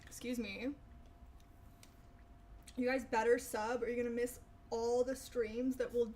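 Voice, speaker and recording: A woman's voice: on the high side, little pitch movement, unhurried, darkish tone. A young woman chatting casually with her stream viewers, rambling and swearing freely. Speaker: livestreamer.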